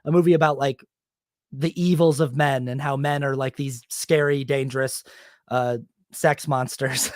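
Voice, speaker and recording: A man's voice: fairly high pitch, darkish tone, no room sound, clean studio sound. A man hosting a solo podcast, telling a self-deprecating story in a rambling, confessional way with many restarts. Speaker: podcast host.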